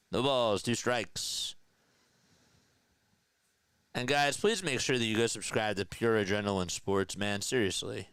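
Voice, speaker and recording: A man hosting a casual live play-by-play stream, chatting with viewers and answering their comments between pitch calls. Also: slow, pauses often, a bit bright, smooth, no room sound. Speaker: livestream play-by-play host.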